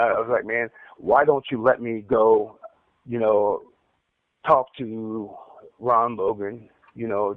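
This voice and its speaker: A caller with a fairly low voice tells the story of an interrogation in a casual phone account. The recording is dry and tinny, and he stutters, repeats himself and keeps starting his sentences over.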